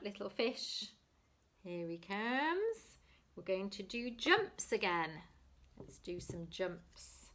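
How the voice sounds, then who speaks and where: A woman teaching a lesson to young children, speaking clearly and encouragingly and counting aloud with them. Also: mid-range voice, sharp tone, slight background noise. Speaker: nursery teacher.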